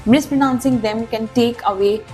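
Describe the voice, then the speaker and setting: A woman's voice: a little high, normal speed, mellow, faint music behind. Emphatic woman teaching. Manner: instructive, emphatic, addresses viewers as guys. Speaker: IELTS teacher. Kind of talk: online lesson.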